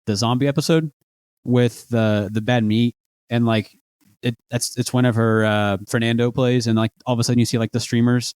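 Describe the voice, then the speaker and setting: A podcast co-host speaks at normal speed in a mid-range, steady voice that is a little mellow, clear, and resonant. He chats casually and rambles with plenty of hedges while quoting lines from a show. The studio sound is clean, with no room sound.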